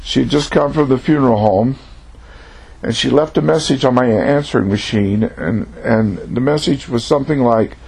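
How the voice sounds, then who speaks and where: A man with a husky, breathy voice delivers a personal testimony sermon. He tells his story earnestly and reflectively, at a middle pitch. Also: moderate pace, a little mellow. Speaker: preacher.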